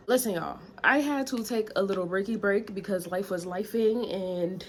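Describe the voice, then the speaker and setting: A woman's voice: mid-range voice, measured pace, a little hiss or hum. A woman, chatting candidly in a story time vlog, a little out of breath. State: slightly out of breath. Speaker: vlogger. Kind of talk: casual story time chat.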